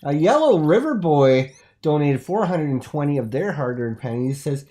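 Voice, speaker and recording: A male talk show host who plays everything up like a grand announcer. His pitch leaps and dips with every phrase, and his comic bits come out loud and showy. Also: lively intonation, normal speed, few pauses. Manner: theatrical, exaggerated announcer delivery. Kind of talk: comedic call-in show.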